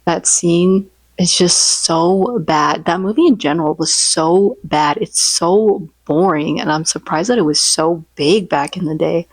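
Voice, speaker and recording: Low-voiced chatty woman vlogger. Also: unhurried, few pauses, breathy edge, no room sound. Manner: rambling, chatty, jokes about her own impressions. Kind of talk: casual chat.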